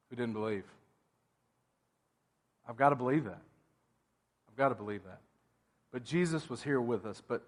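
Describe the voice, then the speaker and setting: A male pastor preaching a sermon in a church, talking conversationally with asides and restarts. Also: medium pitch.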